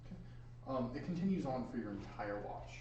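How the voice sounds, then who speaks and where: A man narrating a tabletop game as game master, easygoing and quick to laugh. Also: mid-range voice, expressive, dull audio. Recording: echoey room, distant mic, noisy.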